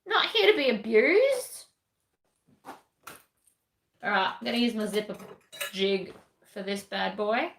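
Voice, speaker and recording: A woman's voice: on the high side, lively intonation, slow pace, long pauses, a bit bright, roomy sound. A woman with an Australian accent chatting casually while she sews, answering viewer comments bluntly. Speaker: sewing livestream host. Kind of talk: casual chat while sewing.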